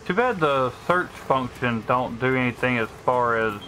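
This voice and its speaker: A man's voice: medium pitch, lively intonation, moderate pace, sharp tone, a little hiss or hum. A man casually commentating his gameplay, thinking aloud in a laid-back way. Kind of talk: casual let's-play commentary.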